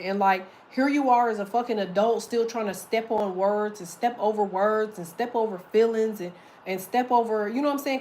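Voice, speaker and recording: A woman giving a casual tarot reading, blunt and profane, talking in emphatic, lively rants. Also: mid-range voice, a little hiss or hum, poor audio. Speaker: tarot reader.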